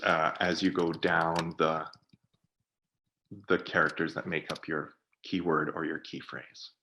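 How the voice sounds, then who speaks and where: A man on a video call, presenting for a product team and walking through software in a webinar while thinking aloud. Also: a bass voice, level tone, unhurried, slight background noise.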